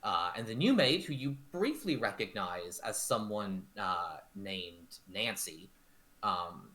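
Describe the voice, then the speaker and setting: A man narrating a tabletop game as game master, animated and full of fillers. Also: lowish voice, takes it slowly.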